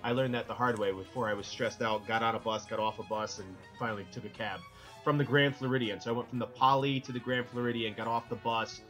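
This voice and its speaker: A middle-aged man from Connecticut chats on a roundtable podcast in a mid-pitched voice. He rambles, cracks jokes, and keeps breaking off his own sentences. Faint music plays underneath. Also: steady tone, quick pace, a bit bright, rough recording. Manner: rambling, jokey, self-interrupting. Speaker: podcast co-host. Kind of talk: casual roundtable chat.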